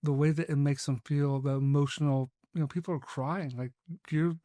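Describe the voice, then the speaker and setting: A man's voice: fairly high pitch, steady tone, moderate pace, dark tone, dry recording, studio quality. A man hosting a podcast, talking casually and loosely with lots of filler words. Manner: loose, full of fillers like "like" and "you know". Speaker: podcast host. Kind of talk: casual interview talk.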